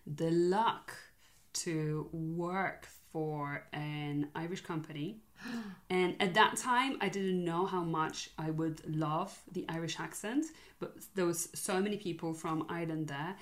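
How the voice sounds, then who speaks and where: Young woman chatting, kinda low voice, hesitant and earnest, laughs a lot. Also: takes it slowly. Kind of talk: casual chat.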